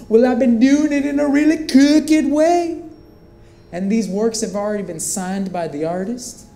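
A man performing a theatrical storytelling monologue, animated and swinging between hushed and excited tones. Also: very high voice, a little slow, faint music behind. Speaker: performance artist. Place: performance space with live visitors. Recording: roomy echo.

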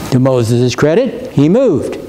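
Slow dark-toned guy preaching in church, leans hard on the scripture bits, bit of background hum. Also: mid-range voice, very animated, low-quality recording. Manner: slow, emphatic preaching with rising reads of scripture. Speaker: pastor. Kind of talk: sermon. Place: church sanctuary.

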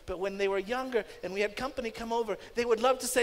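A man pastor preaching a sermon emphatically, with loud stresses that drop into hushed asides. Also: sits high, fairly even intonation, quick pace, few pauses. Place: church sanctuary. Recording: long church-hall reverb.

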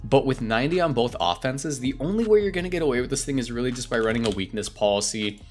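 Over soft background music, a young man with a mid-range, lively voice hosts his own competitive gaming channel, rating game characters in casual commentary. He's chatty, tosses in quick asides, and corrects himself mid-thought.

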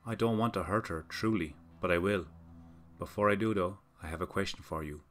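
Guy doing a dry raspy demon thing, deep voice, mocking sweet talk, horror story read. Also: fairly quick, a bit bright. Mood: menacing. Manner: crooning, mocking, menacing. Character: sly, cruel male hell creature.

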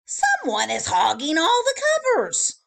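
Storybook role: woman reading as a cranky, demanding hotel guest, pitched high, slow and very lively. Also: exaggerated voice. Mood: indignant. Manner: indignant, loud demands. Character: grumpy fussy male hotel guest.

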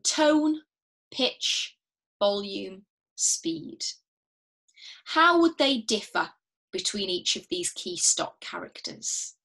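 A woman's voice: mid-range voice, big pitch swings, slow, pauses often, a bit bright. Woman giving patient drama instructions. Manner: clear, patient, step-by-step instructions, often repeating key words; encouraging and reassuring toward learners at home. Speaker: drama workshop leader. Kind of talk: recorded instructional drama lesson.

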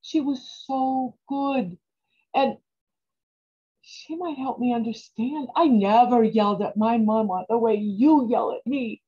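A woman playing a grieving, farm-raised mother who talks tearfully and haltingly in a stage monologue. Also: on the high side, dark tone, breathy edge, highs cut off. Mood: pleading. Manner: tearful, halting, repeats words.

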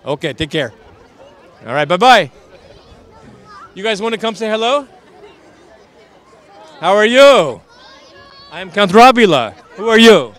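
Cheerful high-voiced man interviewing kids outdoors. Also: very animated, a little slow, long pauses, fairly bright tone, a faint crowd. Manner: cheerful, coaxing, jokey, playing a mock vampire count. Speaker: community TV street interviewer. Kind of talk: casual street interviews with costumed children. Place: outdoors at a street Halloween parade.

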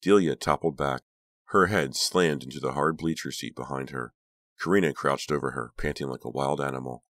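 A man narrating an audiobook in a steady, dramatic reading voice. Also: a bass voice, normal speed, dry recording. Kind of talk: scripted narration.

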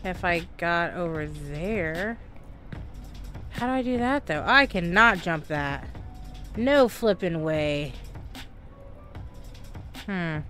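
A woman's voice: lowish voice, lively intonation, slow, pauses often, a bit bright. A Southern American woman in her thirties narrates her gameplay as she goes, chatty and full of exclamations. She talks to herself as she tries to work out where to go. Faint music plays behind her. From Texas, USA. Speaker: gaming streamer. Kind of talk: live gameplay commentary.

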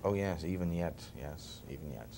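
With a dark tone and a low-sitting voice at moderate pace, this man talks over slight background noise. He's a Liverpool film actor in a relaxed interview, a chatty storyteller who chuckles regularly.

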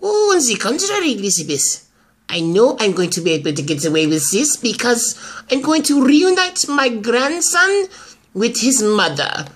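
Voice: mid-range voice, very animated, normal speed, husky. A performer voicing a gloating, scheming grandmother. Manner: haughty, gloating, pleading in turns. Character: scheming older woman, obsessed grandmother. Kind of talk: amateur soap-opera acting.

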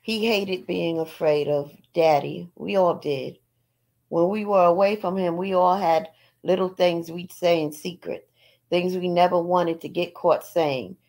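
Low, gravelly woman reading a novel aloud. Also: steady tone, a little mellow. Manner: unhurried storytelling with small asides. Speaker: audiobook reader.

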